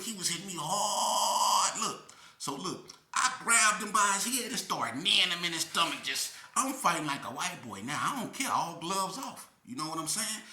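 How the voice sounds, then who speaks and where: An older man spins a street story in a lively, casual way, tossing in "right?" as he goes. His voice is very bright and edgy, and a roomy echo surrounds it. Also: a little high. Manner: animated, keeps asking "right?".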